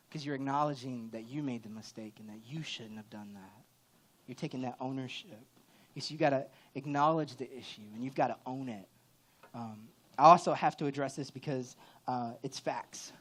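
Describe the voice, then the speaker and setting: A man's voice: mid-range voice, moderate pace, fairly bright tone. A male pastor preaching a sermon in a candid, conversational way, with sudden emphatic rises. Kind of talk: church sermon.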